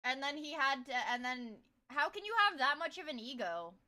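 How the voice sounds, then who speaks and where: A woman streamer chatting casually with her viewers, giggly and excitable. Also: high-pitched, normal speed. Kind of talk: casual live-stream chat.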